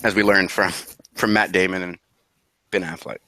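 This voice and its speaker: A man chatting on a podcast while under the weather. He talks in a low, forceful voice, swears often and breaks into laughter. The sound is dry and close. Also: steady tone, normal speed, no room sound. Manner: profane, laughs often, mock-incredulous. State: sick. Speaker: podcast co-host. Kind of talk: casual chat.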